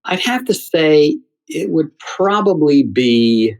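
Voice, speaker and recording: A middle-aged man from the United States, a theater critic, telling lively stories as a guest in an interview. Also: fairly high pitch, slow, gravelly, poor audio. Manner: animated storyteller who acts out quoted voices. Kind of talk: anecdotal interview storytelling.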